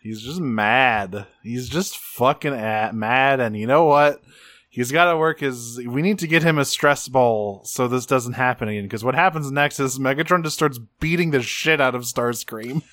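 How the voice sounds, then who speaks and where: A man co-hosting a casual talk show, recapping an animated episode with loose, profane rambling. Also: medium pitch, moderate pace, no room sound, studio quality. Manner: rambling, swearing, many restarts. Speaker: podcast co-host. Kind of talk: casual chat recapping a cartoon.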